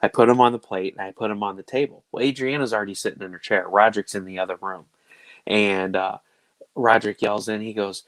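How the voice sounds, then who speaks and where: A man in his thirties with a lowish voice tells family stories on a casual podcast chat. He talks in an animated way and jumps into different voices when he quotes his kids. The sound is dry and close to the mic. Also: a little fast, no room sound, rough recording. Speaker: podcast host.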